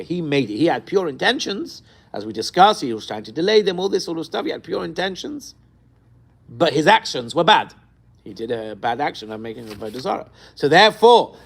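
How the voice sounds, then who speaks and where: A man teaching an informal Torah lesson, animated, asking rhetorical questions and mixing Hebrew terms into his English. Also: fairly high pitch.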